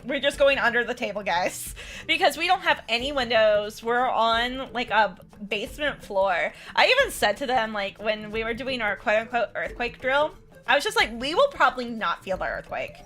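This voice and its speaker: Bright-voiced rambling young woman. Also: on the high side, lively intonation, moderate pace, faint music behind. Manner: rambling, lots of fillers and restarts, laughs often. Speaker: teacher and content creator. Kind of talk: casual storytelling chat while gaming.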